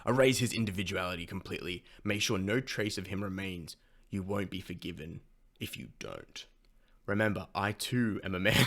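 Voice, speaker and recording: Male reaction host, reads manga lines, excitable, sweary, casual. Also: fairly low pitch. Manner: swears and gasps while reacting; reads character lines in his plain voice.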